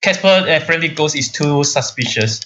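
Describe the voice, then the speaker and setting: Bright, teasing man on a dull mic. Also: on the high side, animated, normal speed, slight background noise. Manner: interrupting, teasing, playful. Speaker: podcast co-host. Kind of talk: casual chat.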